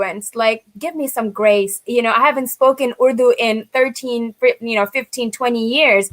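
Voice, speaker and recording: A woman's voice: fairly high pitch, moderate pace, hardly any pauses, a bit bright. A woman guest speaking earnestly in a panel conversation, leaning on "you know" as she thinks aloud. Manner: earnest, filler-heavy with frequent "you know".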